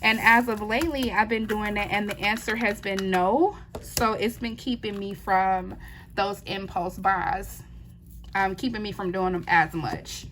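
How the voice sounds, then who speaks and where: A woman's voice: mid-range voice, steady tone, a little slow, fairly bright tone, a little hiss or hum. Chatty woman crafting and talking. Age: adult, wife and mother. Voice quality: chatty, laughs often, says "y'all" a lot. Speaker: diamond painting channel host. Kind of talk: casual chat while crafting, answering questions.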